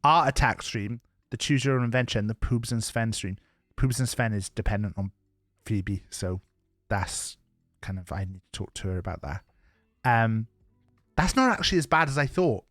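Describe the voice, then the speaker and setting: A man's voice: medium pitch, normal speed, no echo, faint music behind. Rambling streamer man, dry close sound. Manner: rambling, swears freely, sudden excited outbursts. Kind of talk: casual chat on a live stream.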